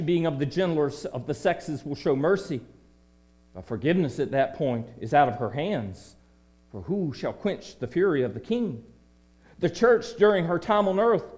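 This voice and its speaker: Man, preacher, sermon, high pitch, dramatic, hushed to booming. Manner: dramatic, swings from hushed to loud declaiming.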